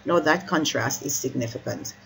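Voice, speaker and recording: Exam-prep teacher voice, middle pitch, methodical line-by-line talk with quick "sorry" corrections, over a faint background hiss. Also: gravelly, a bit bright, poor audio. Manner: stops to correct slips, apologizing mid-sentence; urges listeners to keep up. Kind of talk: explaining a poem line by line.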